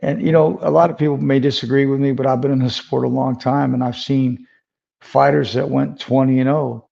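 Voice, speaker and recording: Older male host, gravelly, mellow, loose rambling chat, dull lo-fi audio. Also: medium pitch, level tone, a little fast. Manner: rambling, conversational, many fillers. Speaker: podcast host. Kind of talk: casual interview chat. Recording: dull lo-fi sound.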